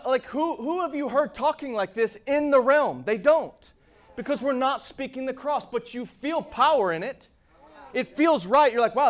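A man preaching a sermon with passion, moving between shouts and hushed asides. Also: very high voice.

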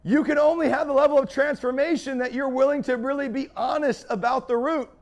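Fiery high-voiced gravelly preacher man. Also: steady tone, fairly quick. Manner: fiery, preaching with rising intensity. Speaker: pastor. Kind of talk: sermon.

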